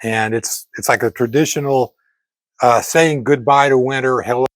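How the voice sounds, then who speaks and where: An older man casually talking to camera while grilling outdoors, in a chatty, meandering way with frequent pauses and self-corrections. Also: medium pitch, fairly even intonation, slight background noise. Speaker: fitness vlogger cooking at a grill.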